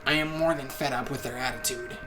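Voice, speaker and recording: A bitter older doctor with a goblin's voice, as a man puts him on, formal and stiff, speaking at a middling pitch. Faint music plays behind him. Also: fairly even intonation, brisk, close to an everyday voice. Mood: fed up. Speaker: podcast co-host reading a game aloud.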